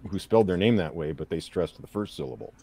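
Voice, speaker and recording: A man's voice: sits low, expressive, fast, mellow. A man chatting casually with friends on a watch party stream, explaining things at length. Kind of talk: casual group chat.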